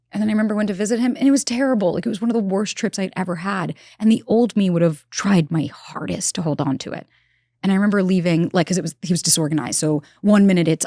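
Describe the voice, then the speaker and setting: A woman's voice: on the low side, warm tone, no echo, clean studio sound. A woman, telling candid stories as a relationship expert guest in a casual interview. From New York. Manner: fast, candid storytelling with quick asides. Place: studio in Los Angeles.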